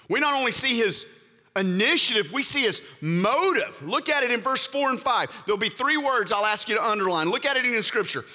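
A man's voice: extremely high pitch, bright, forceful tone. Emphatic preaching man in a reverberant hall. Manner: emphatic preaching, repetitive rhetorical build-ups. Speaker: pastor. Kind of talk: sermon.

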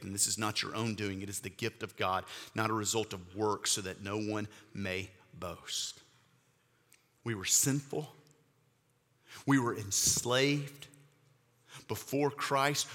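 A man's voice: lowish voice, sharp tone, long reverb tail. A pastor in his forties preaching a sermon, with emphatic, repetitive rhetorical build-ups.

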